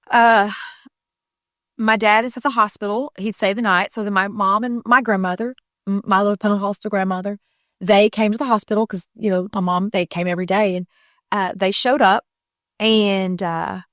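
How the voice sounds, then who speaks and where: A woman's voice: medium pitch, fairly bright tone, no room sound, studio quality. Middle-aged woman telling a heartfelt testimony. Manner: earnest, tumbling storytelling with restarts and fillers. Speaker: podcast guest. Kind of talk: personal faith testimony, casual storytelling.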